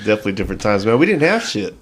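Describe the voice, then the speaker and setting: A man's voice: fairly low pitch, very animated, racing. A man chatting casually on a podcast, swearing and laughing as he tells stories. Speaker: podcast co-host. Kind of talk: casual chat.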